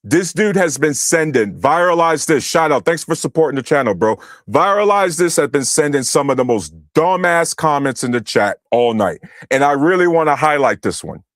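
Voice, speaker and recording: A man's voice: a little high, lively intonation, normal speed, few pauses, fairly bright tone, dry recording, clean studio sound. A man from the United States hosting a livestream, ranting angrily and profanely at his chat and berating commenters. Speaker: livestream host. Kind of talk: angry livestream rant at chat.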